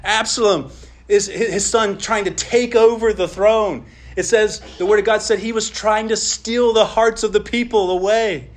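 A man with a high voice preaching a sermon as pastor. He speaks earnestly, climbing high when he voices pleading prayers and sinking quiet and low for asides. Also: steady tone, normal speed. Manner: earnest preaching, voice rising on quoted pleas and dropping low on asides.

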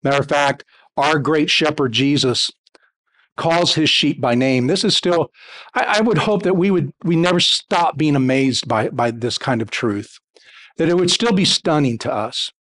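A man's voice: a little high, moderate pace, a bit bright. A male pastor preaching a sermon to his congregation, speaking emphatically with building repetition.

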